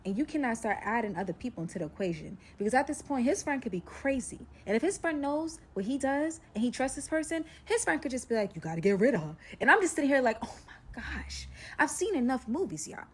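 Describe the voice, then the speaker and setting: A young woman telling a personal story in a casual, slangy, animated way, acting out the dialogue as she goes. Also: sits high, fast talker, hardly any pauses, slightly rough.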